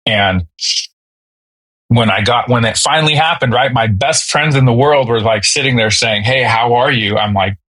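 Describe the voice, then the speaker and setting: A man in his thirties, a podcast guest telling a personal story in a halting, emotional way with many fillers and restarts. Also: mid-range voice, a bit bright, dry recording, low-quality recording. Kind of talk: candid storytelling.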